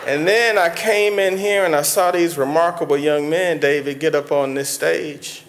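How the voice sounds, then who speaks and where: A man's voice: on the high side, fairly even intonation, normal speed, noisy background. A man, a mayor giving a preacherly banquet speech from a podium that builds to impassioned peaks. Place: large banquet hall with an audience.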